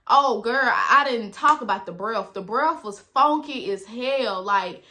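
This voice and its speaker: A woman in her twenties chatting casually to viewers in a story-time vlog, animated and full of slang. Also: a little high, measured pace. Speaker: vlogger.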